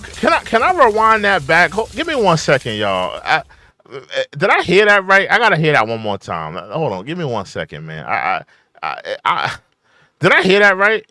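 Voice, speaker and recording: This is a man in his thirties hosting a commentary show, reacting to clips with exasperated, looping rants full of mocking slang. His voice sits fairly high and bright. It leaps around in pitch as he talks. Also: huge pitch swings, moderate pace, dry recording. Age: 30s. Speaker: political commentary host.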